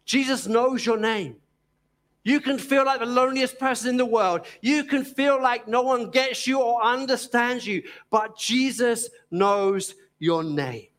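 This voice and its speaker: A man with a Cockney accent from East London preaching a sermon in an earnest, gently emphatic way, pausing often. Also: extremely high pitch.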